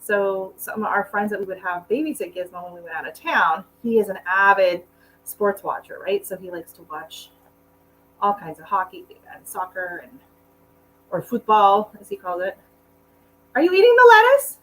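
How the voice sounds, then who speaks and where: The host of a gardening channel, a middle-aged woman, rambles casually on a home live stream while potting plants and talking to her dog. Her mid-range voice is steady, fairly bright and moderately paced, and the low-quality recording carries a little hiss or hum.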